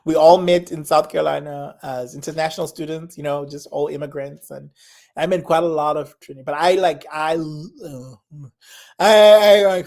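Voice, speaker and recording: Young woman, low-ish voice, rambling casual guest, enthusiastic, laughs a lot. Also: darkish tone. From Zimbabwe. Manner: rambling, enthusiastic, laughs often, repeats herself. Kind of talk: casual chat.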